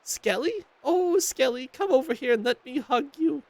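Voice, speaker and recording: Man doing a sweet elderly grandma for a game read-along, high and quavering, swooping pitch. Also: expressive, normal speed, gravelly, darkish tone, no room sound, exaggerated voice. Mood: tender, joyful. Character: frail, tender old grandmother, overjoyed.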